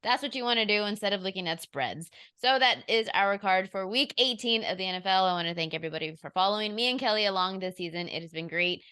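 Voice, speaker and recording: A woman's voice: medium pitch, lively intonation, quick pace, hardly any pauses, sharp tone, smooth. A woman hosting a sports betting show, chatting casually about picks and laughing often.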